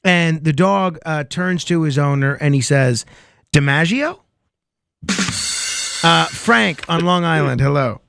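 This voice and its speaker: A man's voice: on the high side, unhurried, gravelly, hardly any pauses, a bit bright, smooth, soft background music. A man hosting a late-night call-in radio show, telling jokes and taking callers with easy chuckles. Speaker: radio host.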